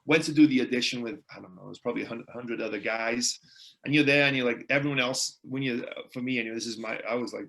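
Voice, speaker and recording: A man's voice: medium pitch, fast talker, vocal fry, fairly bright tone. A Welsh man in his thirties, a podcast guest, chatting casually and acting out the dialogue in his stories. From Wales. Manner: chatty, acts out quoted dialogue. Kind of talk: casual interview storytelling.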